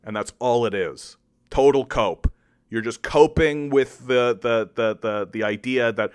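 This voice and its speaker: Man, political rant, sarcastic, profane, smooth resonant voice, mid pitch. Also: unhurried. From Canada. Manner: angry, profane, with many restarts and repetitions; sarcastic, mocks opponents in exaggerated high voices. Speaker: political commentary host. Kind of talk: heated political commentary monologue.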